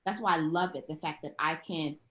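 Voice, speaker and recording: A young woman with a fairly low voice talks as a guest in a roundtable conversation. She is lively and expressive, and her words ring with a roomy echo. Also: brisk. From American South. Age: young adult. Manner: expressive, animated. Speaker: showrunner guest.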